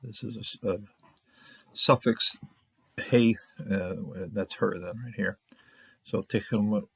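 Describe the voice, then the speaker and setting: A man teaching a casual Bible Hebrew lesson, halting and full of fillers, sounding out syllables one by one. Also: lowish voice, steady tone, gravelly, a bit bright, breathy edge, no echo, highs cut off.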